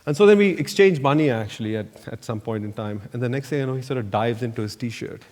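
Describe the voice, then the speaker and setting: A man's voice: medium pitch, fast talker, darkish tone. A man, an architect giving a slide lecture, telling loose anecdotes full of "you know" fillers. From India. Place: lecture hall. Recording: echoey lecture hall reverb.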